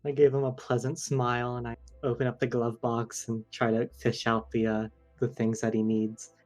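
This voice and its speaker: A man's voice: medium pitch, flat delivery, normal speed, a little mellow, faint music behind. A man playing a tabletop game, speaking dry and clipped. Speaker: player. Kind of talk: in-character role-play.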